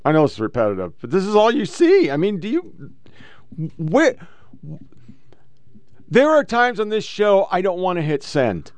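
A middle-aged man runs his show in a blunt, crude commentary voice, lecturing as he reacts to clips. His pitch swings widely and sits a little high. The sound is dry and close. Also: huge pitch swings, moderate pace, long pauses, dry recording. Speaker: podcast host reacting to clips. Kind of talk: casual profane commentary.

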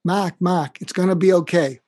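A man imitating an older male mentor with a Boston accent, who gently presses him with questions and keeps repeating his name. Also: high-pitched, fairly even intonation, moderate pace, no echo, studio quality. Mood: coaxing. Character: older male mentor, warm, coaxing, insistent.

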